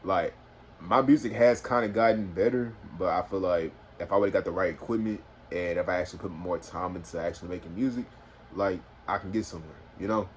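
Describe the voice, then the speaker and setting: A man's voice: low voice, a little fast. Young man, casual storytime, lots of fillers, phone recording, faint room noise. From Houston, Texas. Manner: rambling, filler-heavy, animated retelling. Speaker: vlogger.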